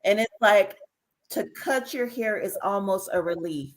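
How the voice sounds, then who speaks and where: A woman, a podcast guest telling a personal story in an animated way, often repeating herself and speaking straight to listeners. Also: medium pitch, measured pace, rough recording. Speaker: guest, author. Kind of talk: casual interview storytelling.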